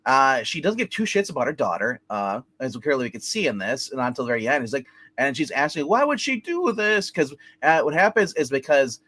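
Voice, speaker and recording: A man's voice: medium pitch, lively intonation, fairly quick, a bit bright. Male movie reviewer, rambling casual recapper, mid-range voice. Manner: rambling, filler-heavy retelling, acting out characters' lines.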